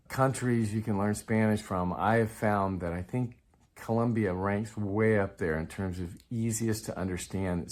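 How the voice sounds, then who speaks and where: A man's voice: on the low side, a little mellow. A man from Texas, explaining language-learning methods in a casual, conversational way to his viewers. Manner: conversational, with restarts and chuckles. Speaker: Spanish learning coach. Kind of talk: casual explanatory talk to camera.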